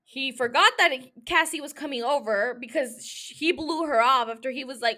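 A young woman with a high, bright voice talks into a podcast mic. Her recap is loose and chatty, full of swearing and jokes that she takes back right away. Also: normal speed. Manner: chatty, profane, jokey, self-interrupting. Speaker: podcast host. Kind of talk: casual episode recap chat.

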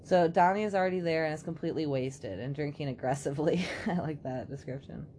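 A woman's voice: sits low, fast talker, darkish tone, a little hiss or hum. A woman co-hosting a podcast, chatting casually, laughing often and reading listener stories aloud. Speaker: podcast co-host.

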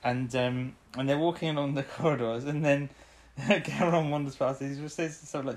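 A woman's voice: low voice, brisk, gravelly, hardly any pauses, a little mellow. A woman co-hosting a podcast, casually recapping an episode, rambling and laughing often. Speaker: podcast co-host.

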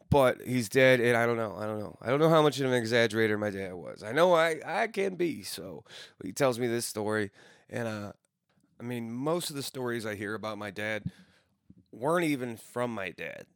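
A man's voice: medium pitch, fairly bright tone, clear, resonant tone, no echo, clean studio sound. A man in his thirties rambling through casual, profane stories with frequent restarts. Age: 30s.

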